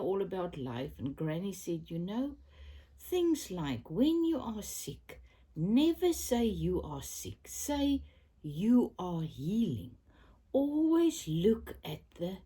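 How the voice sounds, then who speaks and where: Here a South African crafting vlogger chats to camera from bed, coughing as she recovers from a cold. Slow and encouraging, her husky, mellow voice rises and falls a great deal and at times sinks into a gentle whisper.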